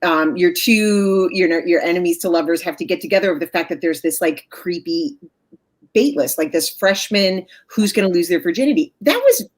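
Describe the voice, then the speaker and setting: A chatty, enthusiastic woman in her forties hosts a relaxed interview over a video call. Her voice sits a little low, and she talks loosely, with plenty of fillers and bursts of laughter. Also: a little fast. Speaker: host of an author interview show. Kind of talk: casual video chat interview.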